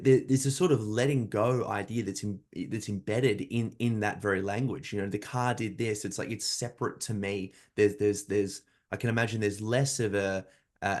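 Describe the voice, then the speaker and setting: A man hosting a podcast, chatting casually and musing in loosely phrased, reflective thoughts. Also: lowish voice. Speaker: podcast host. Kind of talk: casual chat.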